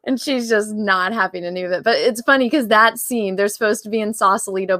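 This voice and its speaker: Animated woman guest laughing through film chat. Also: medium pitch, no echo, studio quality. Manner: animated, laughs a lot, acts out quotes. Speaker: podcast guest. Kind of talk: casual film discussion.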